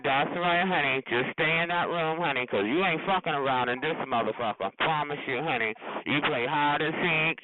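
A man trash-talking on a phone chat line with sassy, drawn-out talk, calling everyone honey and child. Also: fairly high pitch. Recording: tinny phone line with crowd noise.

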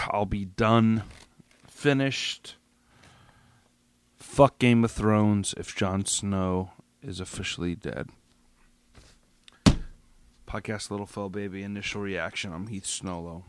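A man hosting a podcast rants alone about a TV finale in a lowish voice with no echo. A little tipsy, he is agitated, profane, and rambling, restarting often.

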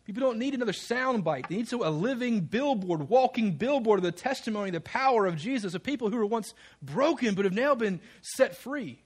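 A man with a fairly high voice preaches a sermon from the pulpit. He reads scripture passages aloud and calls out questions for the congregation to answer back. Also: animated, a little fast, husky. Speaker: pastor.

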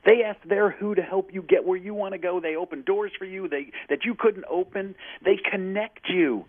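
A man's voice: high voice, moderate pace, dry recording. A man speaking as an interview guest, passionate and emphatic, acting out the lines of people in his stories. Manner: passionate, emphatic, acts out quoted dialogue. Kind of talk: energetic motivational interview talk. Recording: husky voice over a tinny phone-like line.

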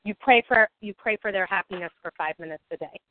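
A woman leading a spiritual group call, talking it through with lively acted-out inner monologues. Her voice sits at an ordinary middle pitch, and it comes through thin and narrow, like a phone line. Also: fairly quick, no room sound. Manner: animated, acts out inner monologues. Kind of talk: casual group teaching call. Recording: tinny phone-line audio.

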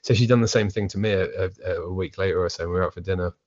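A man's voice: low-pitched, racing. A man, chatting as a podcast guest and telling stories, laughing often and restarting his sentences. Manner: laughing, lively storyteller with frequent restarts. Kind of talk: casual chat. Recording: dull lo-fi podcast audio.

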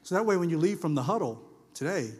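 A man's voice: high voice, fast talker, breathy edge, in a large hall. A man preaching a sermon in a loose, conversational way, telling stories and acting out people's lines. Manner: conversational, animated storytelling with voiced asides. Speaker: pastor.

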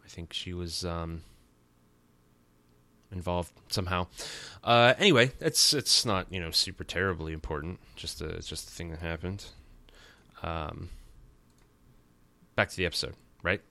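A man's voice: sits low, normal speed, pauses often, bright, forceful tone. A man hosting a podcast, giving a casual comic recap with rambling, wry and sarcastic asides. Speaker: podcast host.

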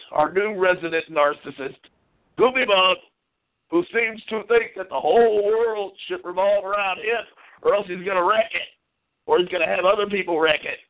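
A high-voiced man hosts a call-in talk show and rants in exasperation, his pitch jumping up and dropping low. The sound is thin and tinny, like a phone line.

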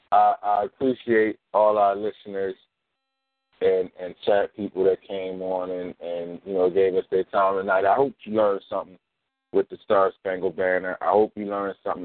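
Deep, flat-voiced man hosting radio. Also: no echo. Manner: hesitant, many fillers, earnest. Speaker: radio show host. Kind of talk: radio talk show hosting. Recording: dry, tinny phone-like sound.

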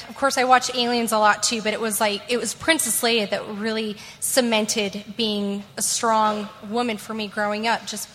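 A woman's voice: fairly high pitch, a bit bright, a little hiss or hum. A young woman speaking sincerely and a little hesitantly on a convention panel. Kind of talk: panel discussion. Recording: long hall reverb, faint ambience.

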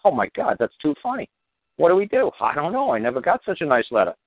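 A man voicing flustered, baffled tax office clerks in excited, disbelieving chatter, over a tinny phone-like line. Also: on the high side, fast talker, dry recording, voice pushed up, heavily acted.

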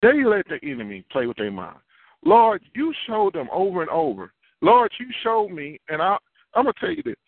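A man's voice: high-pitched, sing-song, moderate pace, no room sound. A man preaching an earnest, confessional sermon, repeating his key phrases as he goes. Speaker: prophet preaching. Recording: tinny phone-line sound, dry.

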